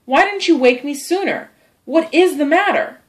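A woman's voice: high voice, very animated, moderate pace, voice pushed up. A woman voicing an anxious, fretful young boy who tattles in an urgent, pleading way.

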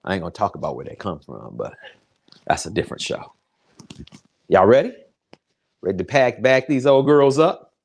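Male home-cook host with a deep voice, loose and jokey, swears freely, hypes up viewers while cooking. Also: normal speed, vocal fry, long pauses, husky. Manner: excitable, crude, jokey, chats directly to viewers. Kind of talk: casual cooking livestream talk.

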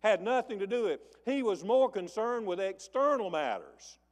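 A man's voice: sing-song, normal speed, in a large hall. A man preaching a sermon, telling the story in a folksy way and acting out the voices of the people in it. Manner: folksy storytelling, acting out voices with big swings in pitch and volume. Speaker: pastor. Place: church sanctuary.

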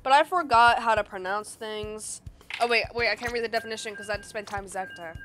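A woman giving gameplay commentary, excitable and playful, bursting into mock-angry outbursts. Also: mid-range voice, fast. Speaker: gamer. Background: game music.

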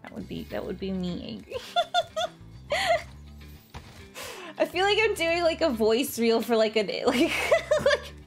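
A woman's voice: on the high side, sing-song, unhurried, long pauses, faint music behind. A young woman streaming casually, giggly and bashful, laughing often as she chats with her viewers. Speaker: VTuber streamer. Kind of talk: casual live-stream chat.

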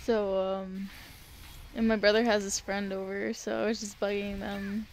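A woman's voice: medium pitch, level tone, measured pace, slight background noise. A woman chatting with a friend, curious and talkative, filling her speech with "like", feeling cold. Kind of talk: casual chat.

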